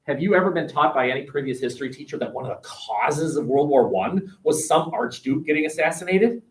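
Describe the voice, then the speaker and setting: Animated male teacher lecturing a class. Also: on the high side, brisk. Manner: animated, asks the class questions, jokes. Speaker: history teacher. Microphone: webcam across the room. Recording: distant webcam sound.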